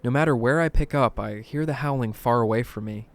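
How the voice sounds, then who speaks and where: A man narrates spooky first-person stories in a scripted, dramatic reading. His voice sits at a middle pitch. He drops into a hush when the tension builds and jumps up when things go wrong. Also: brisk. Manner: dramatic, hushed at tense moments, bursts of alarm. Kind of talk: scripted horror story narration.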